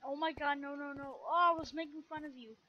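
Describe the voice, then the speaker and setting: A woman's voice: high voice, steady tone, brisk, muffled recording. A woman hosting a gameplay video, commenting as she plays with frequent startled exclamations. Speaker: gaming video host. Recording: loud background noise.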